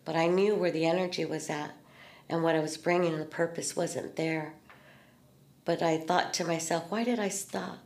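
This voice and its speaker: A woman's voice: low voice, steady tone, normal speed, a little mellow. A middle-aged woman hosting a podcast, telling a personal story in a candid, spiritual way with casual swearing. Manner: earnest, storytelling, spiritual talk with swearing and laughs. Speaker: podcast host. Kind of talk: candid heartfelt conversation. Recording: echoey room.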